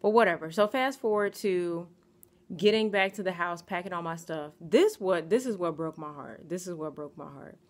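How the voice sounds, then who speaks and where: An American woman in her twenties telling a story in a casual, animated, slangy vlog style and acting out what people said. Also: on the low side, moderate pace. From United States. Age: 20s. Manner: animated, chatty, slangy, acts out quotes. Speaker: vlogger.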